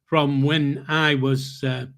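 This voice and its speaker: A man's voice: medium pitch, little pitch movement, slow, creaky, fairly bright tone. An older man hosting a podcast, telling stories in a casual, rambling way with restarts and chuckles. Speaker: podcast host. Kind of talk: casual storytelling.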